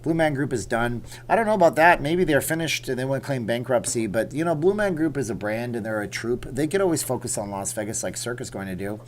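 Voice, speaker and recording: A man's voice: mid-range voice, animated, quick pace, few pauses, slight background noise. A man hosting a casual livestream from home, rambling and reading viewer comments aloud. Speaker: livestream host.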